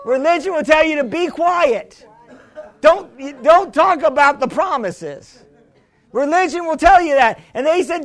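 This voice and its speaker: A man preaching a sermon who keeps restarting, calls out to the congregation, and rises into shouted passages. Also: very high-pitched, animated, measured pace. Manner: fervent, builds to shouts, calls for a witness.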